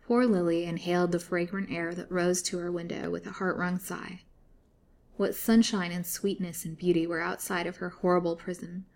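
A woman narrating a serialized storybook in a steady, expressive reading. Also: on the low side, normal speed. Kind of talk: scripted narration.

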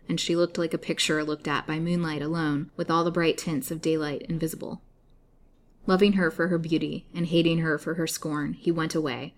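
Woman, storybook narrator, expressive reading, low-pitched. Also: a little hiss or hum. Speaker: audiobook reader.

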